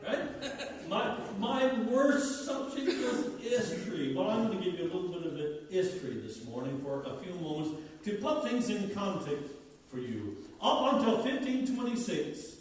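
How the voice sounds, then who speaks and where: A man's voice: high-pitched, very animated, moderate pace. A man from Newfoundland with a Newfoundland accent, preaching a folksy, conversational sermon and asking the congregation questions. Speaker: pastor. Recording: echoey church hall, mic far off.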